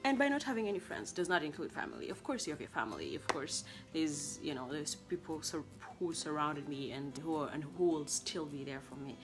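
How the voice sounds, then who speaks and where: A young woman from Kenya with a Kenyan accent, a college student chatting to camera in a lively way about life abroad. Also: low-pitched, a little fast, hardly any pauses, over music. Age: young adult. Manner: chatty and expressive, acting out past conversations. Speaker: international college student vlogger. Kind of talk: casual vlog talk to camera.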